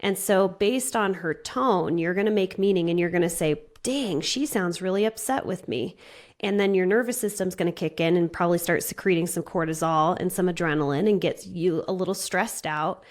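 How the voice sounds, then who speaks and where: Woman therapist explaining calmly. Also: lowish voice, brisk, few pauses. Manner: clear, explains step by step with examples. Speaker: marriage therapist, guest. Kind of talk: explanatory interview talk.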